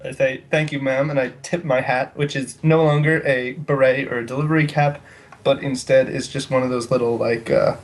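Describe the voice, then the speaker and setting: A man's voice: medium pitch, steady tone, moderate pace. A man playing a tabletop game, talking casually in character and out, with a rambling delivery. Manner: casual, rambling, with fillers and restarts. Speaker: player. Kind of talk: casual tabletop role-play.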